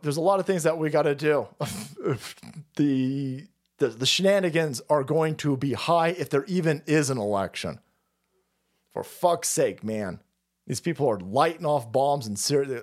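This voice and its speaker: A man with a high, swooping voice rants on a live stream. He is crude and angry and throws in sneering mockery, and his pitch leaps up and down all the time. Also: a little mellow. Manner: profane, angry, mocking; mimics opponents in sneering voices. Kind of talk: ranting political commentary.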